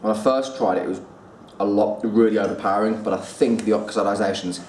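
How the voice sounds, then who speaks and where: A man talks through a review in a casual, chatty way, stopping and repeating words as he gathers his thoughts. His voice sits on the low side. He sounds set back from the mic in an echoey room with faint background noise. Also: fairly even intonation, a little mellow, recorded from a distance. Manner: chatty, pausing, repeats words while thinking. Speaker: whisky reviewer.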